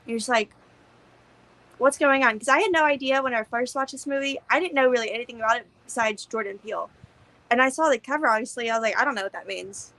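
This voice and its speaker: A young woman co-hosting a podcast chats casually about a movie, swearing freely and acting out scenes. Her voice is on the high side and fairly bright, she talks fast, and the audio quality is poor.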